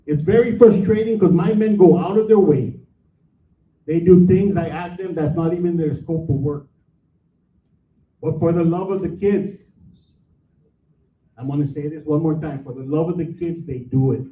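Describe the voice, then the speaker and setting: A frustrated division manager speaks with a high voice. He talks bluntly and insistently during public comment. He sounds far from the microphone, in an echoey hall, over a thin, phone-like line. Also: normal speed, pauses often, slight background noise. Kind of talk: public comment at a board meeting. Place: meeting hall. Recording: echoey room, far from mic, tinny.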